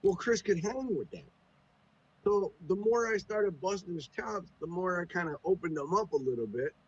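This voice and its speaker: Husky-voiced joking man, lo-fi sound. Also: high-pitched, lively intonation, normal speed. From United States. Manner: profane, joking, teasing. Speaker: podcast guest. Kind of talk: casual chat.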